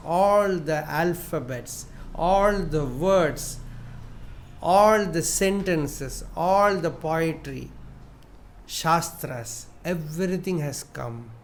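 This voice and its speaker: A man giving a spiritual discourse as a teacher, measured in his delivery, repeating phrases and chanting verses. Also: fairly high pitch, slight background noise. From India.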